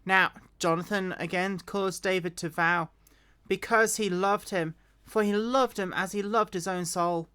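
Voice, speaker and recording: A woman's voice: mid-range voice, unhurried, few pauses, a bit bright, clean tone. A woman reading a Bible passage aloud in an unpolished way, often restarting and correcting herself. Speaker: scripture reader.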